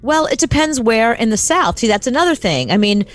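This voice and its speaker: A woman from New York co-hosting a casual talk show, emphatic and quick to laugh. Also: fairly high pitch, very animated, faint music behind. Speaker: co-host. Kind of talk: casual radio chat.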